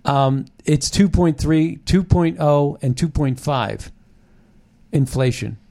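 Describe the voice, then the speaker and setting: Male host, rapid-fire political commentary, slightly high voice, excitable and rambling. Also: gravelly. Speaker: show host.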